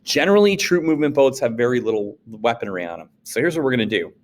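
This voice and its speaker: An animated male teacher talks through a history lesson in a loose, chatty way. His voice sits at an ordinary middle pitch, and he keeps it lively by leaping up into playful quoted voices. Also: quick pace. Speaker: social studies teacher. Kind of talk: casual classroom lecture.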